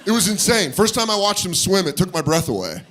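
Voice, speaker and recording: A man hosting a podcast, telling comedic stories in casual chat and jumping into loud impressions of other people. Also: sits high, big pitch swings, a little fast, a crowd in the background, background noise. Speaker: podcast host.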